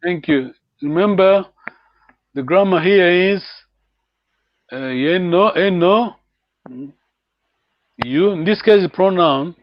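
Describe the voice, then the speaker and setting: A man's voice: sits high, slow pace, pauses often, no room sound, highs cut off. A man teaching a language class online, patiently correcting his students' pronunciation.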